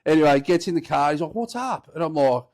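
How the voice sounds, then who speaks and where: Australian man, slightly high voice, casual podcast host, rambling swearing yarn, bursts of laughter. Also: fairly even intonation, fast, darkish tone. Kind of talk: casual storytelling.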